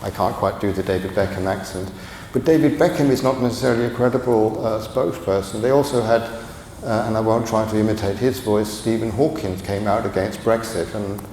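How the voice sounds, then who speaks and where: A man's voice: on the low side, fairly even intonation, fairly quick, darkish tone. A man giving a conference talk as a guest professor, conversational and digressive, with humorous asides. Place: large conference hall. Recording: echoey hall, faint background noise.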